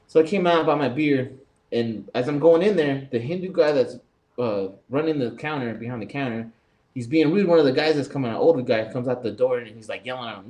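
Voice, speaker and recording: A young man co-hosting a casual podcast, telling a long, animated, profane anecdote full of reported speech. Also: mid-range voice, quick pace. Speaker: podcast co-host. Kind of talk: casual storytelling chat.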